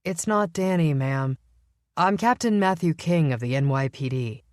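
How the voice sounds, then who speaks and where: A woman's voice: sits low, expressive, moderate pace, darkish tone, dry recording, studio quality. A woman reading an audiobook, voicing a guilty, earnest male vampire police captain who speaks politely and apologetically. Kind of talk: audiobook character voice.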